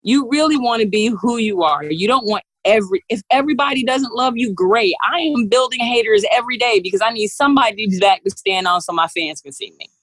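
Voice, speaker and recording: A woman, a business CEO, telling animated stories as a podcast guest, laughing often and acting out what others said. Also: a little high, fast talker, few pauses, no room sound, rough recording. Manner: lively, laughs often, acts out quotes. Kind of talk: animated storytelling interview.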